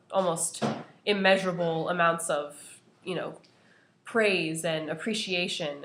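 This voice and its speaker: A woman's voice: lowish voice, noisy background. A young woman presenting an analysis of a poem to her class, earnest and full of "you know" fillers. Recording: echoey room.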